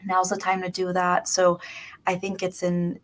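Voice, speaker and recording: A woman's voice: on the low side, completely flat delivery, unhurried. A woman in her thirties telling stories in casual talk on a radio show, dropping Spanish phrases into her English. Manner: chatty storytelling with Spanish phrases mixed in. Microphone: studio microphone.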